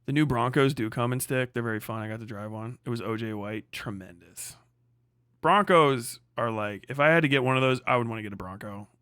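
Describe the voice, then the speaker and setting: A man's voice: medium pitch, quick pace, few pauses, clean tone, no room sound, studio quality. A man hosting a livestream, ranting and mocking with constant swearing. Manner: swearing heavily, mocking, animated. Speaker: livestream host. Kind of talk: profane livestream rant.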